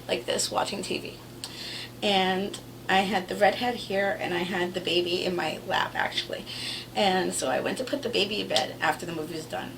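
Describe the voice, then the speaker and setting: A woman's voice: mid-range voice, recorded from a distance, noisy background. A woman telling stories about her kids to camera in a casual, wry way, swearing freely. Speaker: vlogger telling family stories.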